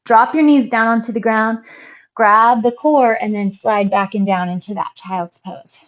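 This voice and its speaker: A woman fitness instructor calmly cueing moves and counting reps through a workout class. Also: fairly high pitch, a little slow, muffled recording. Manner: calm, encouraging cues and counting reps.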